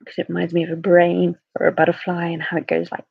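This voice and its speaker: A woman's voice: on the low side, monotone, quick pace, vocal fry, breathy edge, dry recording, narrow, tinny audio. A woman giving a casual TV review, rambling off on tangents and often correcting herself.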